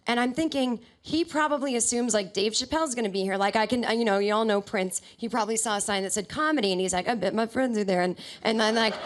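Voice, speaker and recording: A woman comedian telling a rambling, self-deprecating stand-up story on a small stage into a handheld mic, with sudden shouty bursts. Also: mid-range voice. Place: small stage in a comic book shop.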